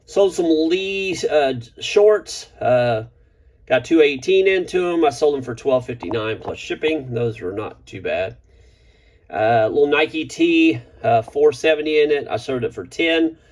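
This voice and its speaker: A man's voice: medium pitch, lively intonation, measured pace, darkish tone. A man talking casually in a home vlog, rambling with lots of ums and uhs as he goes over his reselling. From Florida. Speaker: eBay reseller vlogger. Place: home room with a neon sign.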